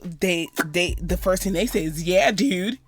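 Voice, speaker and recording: A woman's voice: on the low side, steady tone, soft background music. A woman from Jamaica co-hosting a podcast in casual chat, often restarting her sentences. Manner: halting, many restarts. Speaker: podcast co-host.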